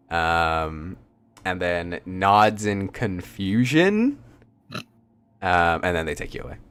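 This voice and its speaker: A man with a very low voice narrates as game master at an unhurried pace. He stops often to search for words, filling gaps with ums and uhs. It sounds like a casual tabletop session. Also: a bit bright, clean tone. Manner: slow, halting, many ums and uhs.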